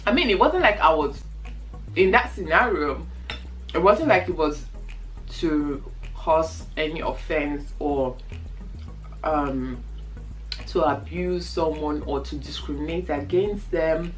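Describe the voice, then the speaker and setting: A Nigerian woman vlogger telling a story in a lively way while eating for a mukbang, often breaking into laughter. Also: lowish voice, rough recording.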